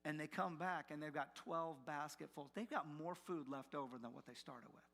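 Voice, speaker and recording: A male pastor delivering a sermon in a church, animated as he slips into the voices of the doubters he quotes. His tone is bright and forceful, sitting a little high for a man. The sound carries a long reverb from the church hall. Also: brisk, few pauses. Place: church sanctuary.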